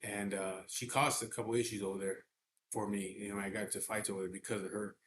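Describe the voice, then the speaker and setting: A man's voice: lowish voice, little pitch movement, fast. A middle-aged man, telling a personal story in a blunt, profane, casual way. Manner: blunt and profane, with double negatives. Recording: echoey room with faint background noise.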